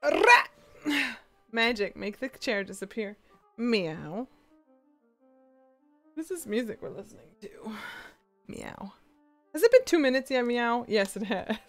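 A woman's voice: fairly high pitch, animated, a little slow, pauses often, faint music behind. A woman streamer chatting casually with her viewers, giggling and throwing meows between her sentences. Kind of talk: casual livestream chat.

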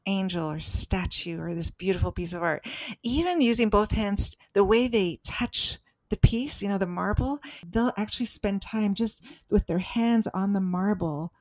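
A woman's voice: medium pitch, a little mellow, no echo. A woman co-hosting a podcast, telling a personal story in an earnest, emphatic way. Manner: earnest, emphatic, acts out voices in stories. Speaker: podcast co-host.

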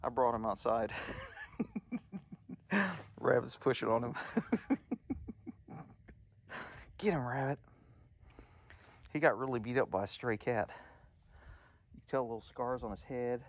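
A man's voice: medium pitch, a little slow, gravelly, pauses often, dry recording. A man hosting a casual vlog who rambles in a folksy way, swears casually and chuckles often while he films his animals outdoors on a phone. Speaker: channel host talking about his animals. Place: outdoors in a yard. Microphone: phone camera.

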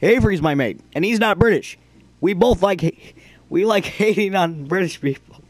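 A young man giving casual gameplay commentary as a gaming YouTuber, joking and rambling, then shouting at the game. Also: high-pitched, animated, normal speed, no echo.

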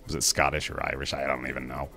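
A man's voice: rumbling low, level tone, fast talker, gravelly, slight background noise. A man streaming a video game live, chatting casually and rambling between remarks on the game. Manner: chatty, rambling, jumps to loud yelps when startled.

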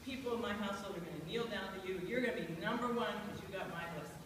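Old half-blind father, put on by a woman storyteller; slow and doubtful. Roomy, far-off sound. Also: medium pitch, close to an everyday voice. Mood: solemn. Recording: echoey hall from far off, noisy.

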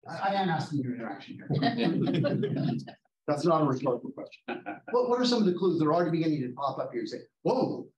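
A man's voice: a little high, very animated, a little mellow, lo-fi sound. Man teaching a Bible class in a roomy hall. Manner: reads scripture aloud slowly, questions the class. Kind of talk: interactive Bible study lesson. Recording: roomy, distant mic, faint noise.

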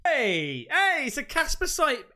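Male vlog host, bouncy animated delivery, chatty, excitable, lots of mates. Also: very high voice, unhurried. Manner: chatty and excitable, calls viewers mate. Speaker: YouTube host. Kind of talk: casual unboxing vlog chat.

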